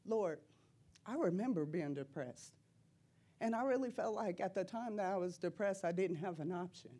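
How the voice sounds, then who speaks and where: A middle-aged woman giving an impassioned preaching testimony in church, repeating phrases and rising to loud cries. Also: fairly low pitch, moderate pace, husky.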